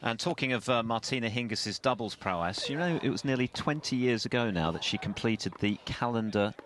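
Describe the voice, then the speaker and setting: A man's voice: medium pitch, animated, brisk, fairly bright tone, a little hiss or hum. A man giving wry, knowledgeable tennis punditry on a live broadcast. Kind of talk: live sports broadcast chat.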